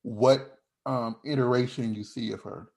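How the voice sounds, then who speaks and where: A man's voice: mid-range voice, steady tone, measured pace, gravelly, a little mellow. A man hosting a podcast in casual chat, rambling with frequent restarts and laughing as he talks. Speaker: podcast host.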